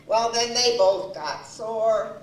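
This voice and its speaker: A woman's voice: on the high side, slow pace, slight background noise. A woman acting a gossipy young housemaid in a stage play, retelling a quarrel and acting out each voice. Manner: breathless gossip, acts out each quoted voice. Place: small community theater stage. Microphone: far-off room mic. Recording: roomy stage sound from far off.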